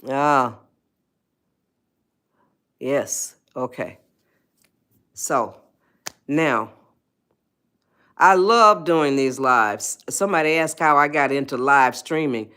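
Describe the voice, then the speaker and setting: A woman's voice: rumbling low, animated, very slow, long pauses, sharp tone, smooth. A woman hosting a motivational live stream, coaxing and repeating herself as she talks straight to viewers in the chat. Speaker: host of a self-help live stream.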